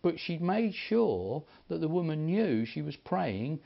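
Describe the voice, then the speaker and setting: A man preaching, telling stories in an animated way and acting out the people he quotes. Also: on the high side, takes it slowly, gravelly. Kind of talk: sermon storytelling. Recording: dull lo-fi recording.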